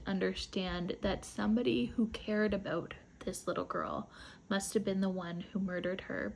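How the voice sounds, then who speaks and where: Woman host, casual book-club recap, light fry in the voice. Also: mid-range voice, slight background noise. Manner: chatty, rambling retelling with asides.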